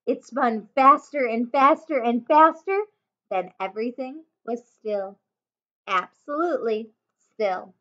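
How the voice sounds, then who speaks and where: A woman teacher reading a children's chapter book aloud, expressive, with small slips and self-corrections. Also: fairly high pitch. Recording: dull lo-fi home recording.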